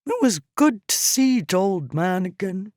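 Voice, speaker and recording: A woman doing a touchy, grumbling male scholar of noble rank, pitched above her own voice with an odd, altered tone. He clips his words with a rustic edge and talks slowly. The recording is close and dry. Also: very animated, darkish tone, no echo. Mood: grudging. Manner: clips 'the' to 't'', a rustic way of speaking. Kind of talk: audiobook character voice.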